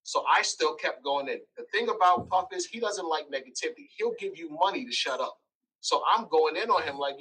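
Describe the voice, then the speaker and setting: A man as an interview guest telling a personal story, animated, acting out quoted lines. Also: a little high, a little fast, recorded from a distance, a little hiss or hum, rough recording.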